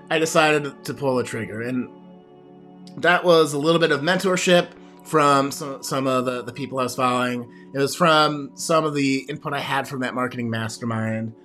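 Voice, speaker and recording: A man's voice: mid-range voice, bright, forceful tone. Rambling male podcast host. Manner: reflective, rambling with many fillers and restarts. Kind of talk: solo podcast monologue. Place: talking to a camera alone.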